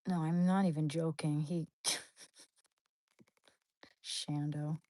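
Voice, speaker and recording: A livestream host, a woman, chats casually with her viewers, rambling and animated, full of slang and sudden high squeals. She speaks slowly, and there's no echo.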